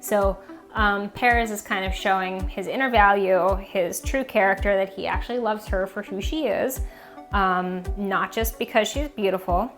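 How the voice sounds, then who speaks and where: A woman in a middle pitch talks through a children's book like a teacher, loose and chatty, peppering her speech with "um" and "like". Faint music plays softly underneath her. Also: normal speed. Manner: chatty, many fillers like "um" and "like". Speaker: reading teacher. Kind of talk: casual explanation of a picture book.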